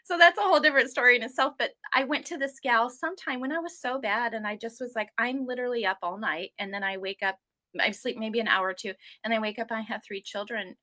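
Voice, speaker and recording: A woman's voice: on the high side, fast talker. A woman in her forties telling her health story in a casual interview, rambling and acting out what others said to her. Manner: rambling, animated, acts out quoted people.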